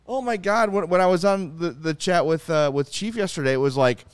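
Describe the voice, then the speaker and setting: Male talk-show host, smooth clear voice, exasperated animated rants. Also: high-pitched, a little fast, no echo. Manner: animated, exasperated ranting with asides. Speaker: podcast host. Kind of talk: casual sports talk show chat.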